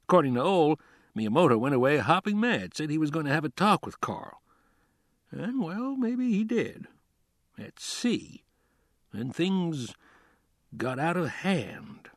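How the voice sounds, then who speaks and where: A man's voice: on the high side, very animated, a little slow, pauses often, dry recording, voice pushed up. A man reading as a blunt, worn-out small-town sheriff, his voice rising and falling a great deal as he lays out his case point by point. The recording is dry and close, like a storybook audiobook. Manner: plainspoken, listing his reasons.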